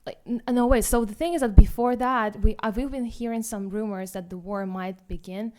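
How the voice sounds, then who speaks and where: A young woman with a Ukrainian accent tells her own story at a forum, halting and self-deprecating, with many restarts. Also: mid-range voice, fairly even intonation, a little mellow. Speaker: guest speaker, student.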